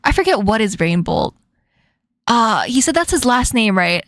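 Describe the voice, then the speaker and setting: A woman's voice: a little high, very animated, moderate pace, no echo, clean studio sound. A woman commentating on clips in a casual reaction stream, giggling often between remarks.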